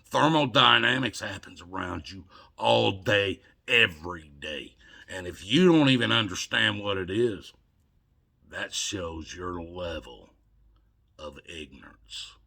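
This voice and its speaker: An older man delivering an emotional, scolding monologue to camera, swinging between loud outbursts and hushed murmurs. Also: sits low, expressive, slow, creaky, breathy edge. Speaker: video blogger.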